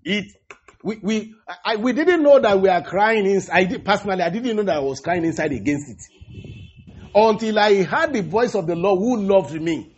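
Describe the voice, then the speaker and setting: High, husky male preacher, lo-fi. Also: expressive. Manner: halting, repeats words, calls out hallelujah and praise the Lord. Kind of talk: sermon. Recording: dull lo-fi recording.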